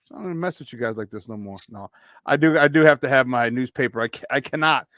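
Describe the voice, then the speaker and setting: A man co-hosting a casual sports talk show, animated and quick to laugh, talking with hype-man energy. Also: mid-range voice, no room sound. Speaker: sports radio co-host.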